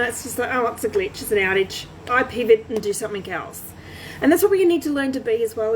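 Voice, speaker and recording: Chatty woman with a higher voice. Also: slight background noise, rough recording. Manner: chatty, many fillers and restarts. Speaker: small business coach. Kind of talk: casual talk to camera.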